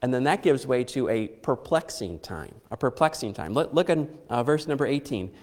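A man in his thirties preaching a sermon in an earnest, halting way, often restarting his phrases. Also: mid-range voice, lively intonation, darkish tone, in a large hall. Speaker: pastor.

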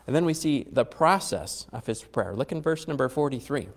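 Guy preaching in a big echoey hall, voice goes up and down a lot, kinda high for a man, talks like he's just chatting. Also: lively intonation, moderate pace, hardly any pauses. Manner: conversational, repeats phrases, brief chuckles. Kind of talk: sermon.

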